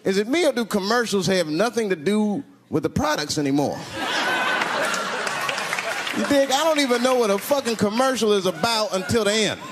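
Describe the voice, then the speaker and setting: A man doing a brash, profane stand-up comedy routine with animated storytelling. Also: high voice. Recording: live show with loud audience laughter. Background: loud crowd laughter and noise.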